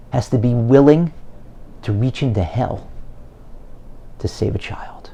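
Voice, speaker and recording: A man's voice: medium pitch, creaky, dark tone, slight background noise. A man giving an inspirational speech, telling a story with dramatic emphasis and acting out the people in it. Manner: dramatic storytelling, voice rising when quoting. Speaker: speaker.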